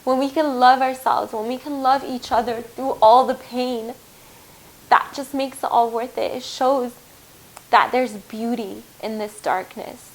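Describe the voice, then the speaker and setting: A woman's voice: on the high side, fairly even intonation, measured pace, poor audio. A woman giving a heartfelt spiritual tarot reading, earnest and reassuring, speaking to viewers as her loves. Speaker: tarot reader.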